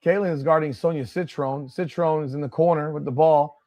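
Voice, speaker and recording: A man's voice: on the high side, steady tone, a little fast, a little mellow. Blunt, profane male watch-party streamer. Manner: blunt and profane, breaks into exasperated outbursts. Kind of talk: live play-by-play watch-along commentary.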